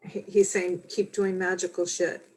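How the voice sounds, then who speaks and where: A woman hosting a livestream as a spiritual medium, talking in a soft, heartfelt, halting way. She sounds tired. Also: fairly low pitch, flat delivery, low-quality recording. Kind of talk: casual livestream talk.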